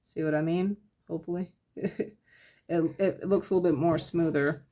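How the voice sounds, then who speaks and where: A woman giving a casual step-by-step painting tutorial, talking her process through in a relaxed, thinking-aloud way with lots of fillers. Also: on the low side, normal speed. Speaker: painting instructor.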